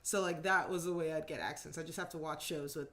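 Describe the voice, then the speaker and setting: A woman guest chatting casually about improv, relaxed and giggly, often trailing off. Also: sits low, fast talker. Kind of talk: casual chat.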